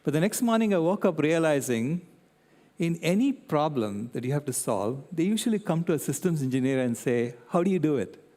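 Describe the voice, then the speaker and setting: An older man giving a public talk, an animated storyteller who keeps checking in with his audience. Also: fairly high pitch, brisk. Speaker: guest speaker. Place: convention centre hall. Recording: long reverb in a large hall.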